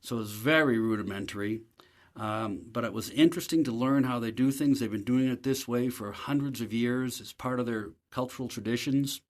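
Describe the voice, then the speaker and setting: A man's voice: medium pitch, moderate pace. A man, a professor being interviewed as the guest, telling a self-deprecating story in an easy, anecdotal way.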